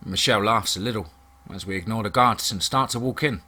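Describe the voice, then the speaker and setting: A man narrating a first-person horror story in a dramatic, measured reading. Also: on the low side, bright, forceful tone, slightly rough.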